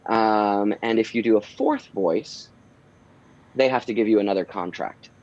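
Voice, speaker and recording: A man who works as a voice actor, chatting casually as an interview guest, relaxed and rambling with lots of pauses and restarts. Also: lowish voice, highs cut off. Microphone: home recording booth.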